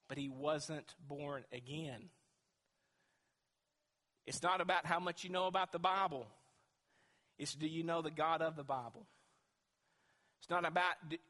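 Fairly high-pitched and bright, his voice has a pushed edge as he delivers an emphatic sermon. The pastor keeps asking the congregation rhetorical questions, and the reverberant church hall stretches every phrase.

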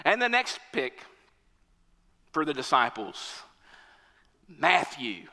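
A man preaching a sermon, lively, acting out the reactions of an imagined crowd in raised voices. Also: fairly high pitch, slow, creaky, big-room sound.

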